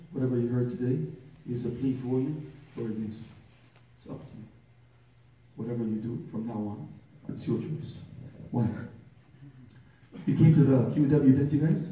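A man's voice: mid-range voice, normal speed, long pauses, dark tone. A man preaching a sermon with passion, speaking directly to his listeners as brothers and building to urgent pleas. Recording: roomy echo from far off.

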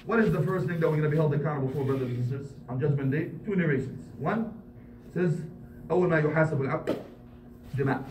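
A man delivers a sermon as an imam, his voice pitched high and his phrases climbing to forceful emphasis. He is heard from some distance in a reverberant prayer hall. A faint hiss of noise sits under the recording. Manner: impassioned, rising to emphatic peaks, recites Arabic quickly. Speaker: imam giving a Friday sermon.

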